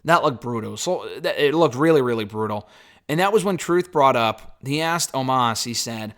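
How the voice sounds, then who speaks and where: A man's voice: medium pitch, animated, normal speed, a bit bright. A man reviewing a wrestling talk show alone in a casual, blunt and opinionated way, rambling loosely with fillers and the odd curse. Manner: blunt, opinionated, a bit profane.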